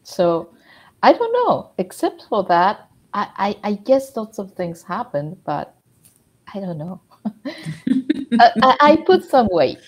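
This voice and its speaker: Hesitant woman speaking slowly on a call. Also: mid-range voice, sing-song. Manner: hesitant, halting, with repeated words. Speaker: workshop participant sharing her experience. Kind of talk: casual video call sharing.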